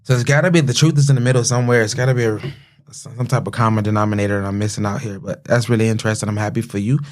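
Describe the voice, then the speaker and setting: A man's voice: fairly low pitch, fairly even intonation, racing. A man hosting a podcast, chatting with his guest in a friendly, encouraging way. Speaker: podcast host. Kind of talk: casual interview chat.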